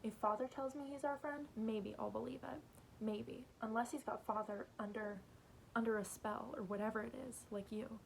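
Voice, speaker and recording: A woman's voice: fairly high pitch, fairly even intonation, normal speed, vocal fry, slight background noise, poor audio. A woman reading aloud as a stubborn, frightened teenage girl who talks back defiantly. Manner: defiant, emphatic.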